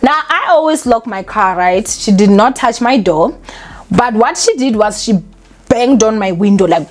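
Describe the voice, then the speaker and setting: A young adult woman vlogger telling a personal story casually, with animated asides to her viewers. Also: a little high.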